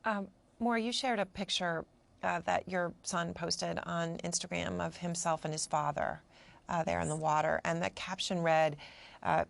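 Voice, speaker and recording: A woman news anchor interviewing a guest, asking gentle, measured, sympathetic questions. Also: fairly low pitch, fairly even intonation, vocal fry.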